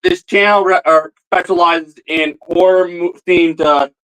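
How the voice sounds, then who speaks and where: A man's voice: sits high, steady tone, measured pace, a bit bright, clean tone, low-quality recording. A man talking to camera in a rambling comedy vlog, stammering and repeating words as he goes.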